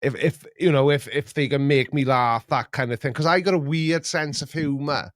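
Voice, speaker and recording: A man's voice: medium pitch, moderate pace, dry recording. Rambling jokey man, dry sound. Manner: rambling, jokey, with many restarts. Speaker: host. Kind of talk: casual live-stream chat.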